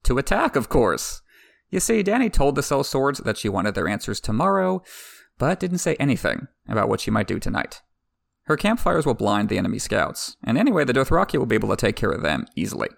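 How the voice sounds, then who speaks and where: Casting: sarcastic male book recapper, very gravelly, lively pitch, dry close sound. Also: fast, no echo. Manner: wry, irreverent, swears casually.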